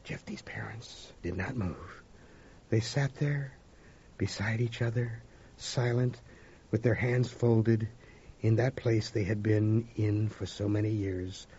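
A man reading a first-person story aloud, with a dramatic delivery that swings between hushed whispers and loud outbursts. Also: lowish voice, slow pace, husky. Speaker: audiobook narrator. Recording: dull lo-fi recording.

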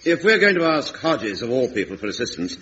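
An actor playing a mild, polite, diffident sergeant in a vintage radio comedy. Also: male voice, mid-range voice, big pitch swings, fairly quick, bright, forceful tone, a little hiss or hum. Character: mild polite middle-aged male sergeant. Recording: dull vintage broadcast recording.

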